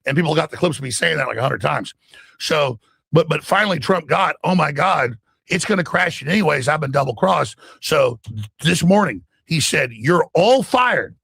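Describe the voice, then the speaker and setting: A man with a gravelly, raspy voice delivering an emphatic, excited monologue as a talk show guest. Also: fairly high pitch, moderate pace, dry recording. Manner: emphatic, acts out quoted voices.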